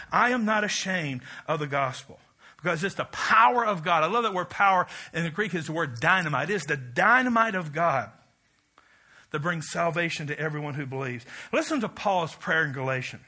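Man, middle-aged, sermon, high pitch, very bright tone, emphatic, folksy asides. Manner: emphatic preaching, rising to loud peaks. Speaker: pastor.

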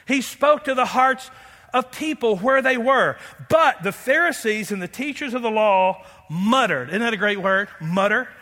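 A man preaching a sermon as pastor, animated and playful, quizzing the congregation. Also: extremely high pitch, moderate pace. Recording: long hall reverb.

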